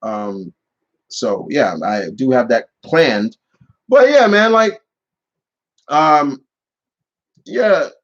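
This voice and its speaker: A man's voice: mid-range voice, lively intonation, drawn-out words, long pauses, a bit bright, dull audio. A man casually answering viewer questions on his channel, rambling with many restarts and fillers. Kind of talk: casual live Q&A chat.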